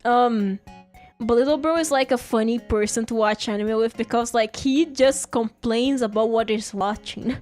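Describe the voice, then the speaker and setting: A woman's voice: fairly high pitch, moderate pace, a little mellow, faint music behind. A woman streamer chatting casually while drawing, rambling through stories with lots of giggles and acted-out quotes.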